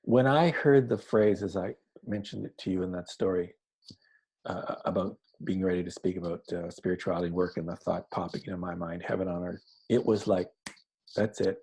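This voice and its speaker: Male interview guest, low husky gravelly voice, mellow tone, earnest storyteller. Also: brisk, low-quality recording. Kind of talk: conversational interview.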